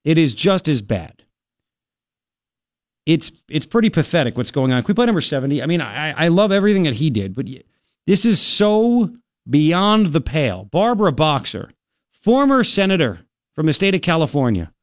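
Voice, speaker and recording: A man's voice: fairly high pitch, very animated, normal speed, no room sound, studio quality. A male talk radio host giving an emphatic, ranting political commentary.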